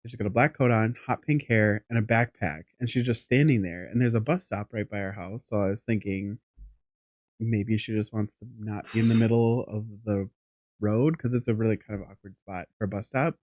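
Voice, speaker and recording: A man co-hosting a podcast, telling a long anecdote in a rambling, animated way with casual swearing. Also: lowish voice, moderate pace, no echo, studio quality. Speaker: podcast co-host. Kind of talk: casual storytelling chat.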